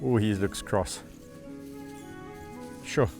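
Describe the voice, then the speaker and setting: A middle-aged man who hosts a wildlife channel, giving casual on-the-spot commentary outdoors at a sanctuary. He is chatty and relaxed, talks to the animals and chuckles often. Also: fairly low pitch, drawn-out words, gravelly, over music.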